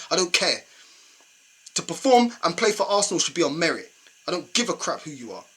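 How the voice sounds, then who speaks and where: A man's voice: high-pitched, pushed and bright, breathy edge. A young man with a London accent ranting exasperatedly in a football fan reaction video, slangy and repetitive. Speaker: football fan channel host. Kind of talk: fan match reaction rant.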